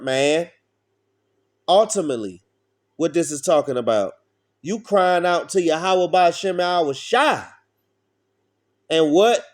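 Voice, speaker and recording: Guy preaching scripture his own way, swears a lot, keeps going "all right?", slightly high voice. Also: a little mellow. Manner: blunt, profane, preachy with call-and-response questions. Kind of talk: informal street sermon.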